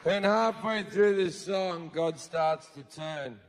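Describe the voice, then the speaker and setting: A stand-up comedian with a high voice tells sardonic, profane stories at an unhurried pace. He speaks into a handheld mic on a theater stage. Faint crowd and room noise come through the live recording. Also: long reverb tail.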